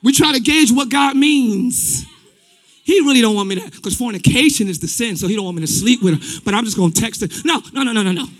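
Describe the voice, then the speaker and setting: A man preaching a lively sermon, shouting one moment and dropping low the next, acting out little scenes with his congregation. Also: fairly quick. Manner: swings between shouting and dropping to a low confiding voice. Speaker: pastor.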